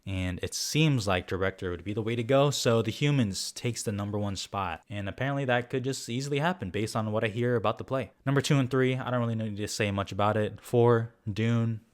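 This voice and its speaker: A young man giving a casual, animated rundown of his film award predictions, swearing now and then and joking at his own expense. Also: fairly low pitch, a little fast, few pauses. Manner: casual, animated, swears, self-mocking asides. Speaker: film vlogger.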